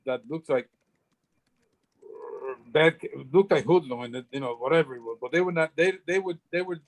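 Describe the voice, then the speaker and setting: A man's voice: a little high, low-quality recording. An older man from the Republic, telling stories as an interview guest and often restarting his sentences. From Dominican Republic. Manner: rambling, frequent restarts and repeated words. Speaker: guest storyteller. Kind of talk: casual storytelling interview.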